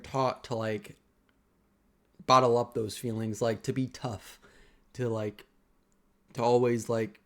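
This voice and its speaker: A young man with a mid-range voice vlogs a casual personal rant. He halts and rambles, repeatedly restarting his sentences.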